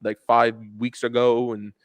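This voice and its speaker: A man's voice: mid-range voice, flat delivery, measured pace, clean tone, no room sound, muffled recording. A young man co-hosting a podcast, telling rambling, profane stories in casual chat and calling everyone "bro". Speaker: podcast co-host.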